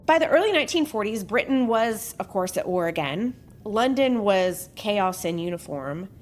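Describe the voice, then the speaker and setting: A woman's voice: mid-range voice, big pitch swings, normal speed. Chatty woman podcast host telling a crime story. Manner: chatty, with joking asides. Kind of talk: casual true-crime storytelling.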